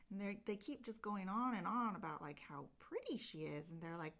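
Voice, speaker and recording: A woman's voice: medium pitch, animated, moderate pace, few pauses, a bit bright. A woman vlogger retelling a book in casual chat, rambling with lots of filler words. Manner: rambling storyteller, heavy use of filler 'like'.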